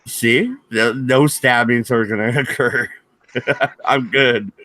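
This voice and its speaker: A man's voice: mid-range voice, steady tone, slow pace, sharp tone. A man hosting a casual livestream chat, joking loosely and laughing often. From US West Coast. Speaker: show host. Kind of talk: casual podcast banter.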